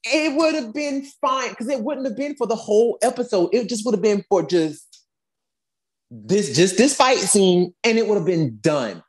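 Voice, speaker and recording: A woman's voice: medium pitch, lively intonation, normal speed. A woman co-hosting a podcast in casual chat, telling a story in an emphatic, exasperated way. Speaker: podcast co-host.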